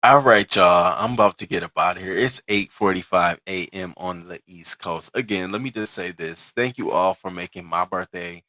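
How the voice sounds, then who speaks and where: A man in his thirties hosting a casual livestream, chatting with viewers, answering their comments and acting out quoted people in higher voices. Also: normal speed, hardly any pauses, sharp tone, no echo. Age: 30s. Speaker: livestream host.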